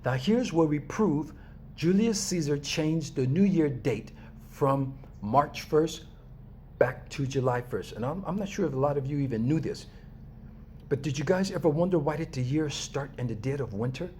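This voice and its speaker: Animated American man talking to viewers. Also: mid-range voice, slight background noise. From Los Angeles, USA. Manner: animated, emphatic, chuckles often. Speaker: vlogger. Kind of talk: casual monologue to viewers.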